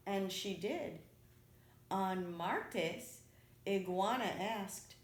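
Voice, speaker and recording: A woman reads a children's picture book aloud at an unhurried pace. Her narration is gentle and measured. The voice rings in an echoey room. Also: mid-range voice. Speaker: storyteller.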